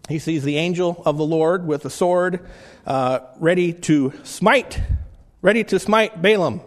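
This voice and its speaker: A male pastor delivers a sermon in a somewhat high voice, talking to the congregation like a friend. He restarts phrases as he goes and slows down when he quotes scripture. His voice carries a long reverb from the church hall. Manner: conversational preaching with frequent restarts, slowing for scripture quotes.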